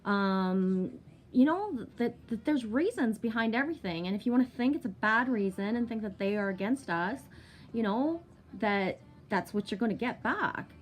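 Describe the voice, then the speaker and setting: A woman's voice: fairly high pitch, lively intonation, normal speed, slight background noise. A woman in her thirties telling a long personal story in a chatty vlog, swearing freely and using many fillers. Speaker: vlogger. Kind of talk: casual storytelling monologue.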